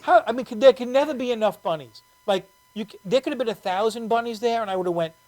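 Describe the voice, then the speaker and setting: A woman comedian hosting a casual show, telling rambling comic stories in an animated way and laughing often. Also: on the high side, fast. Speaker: comedian host.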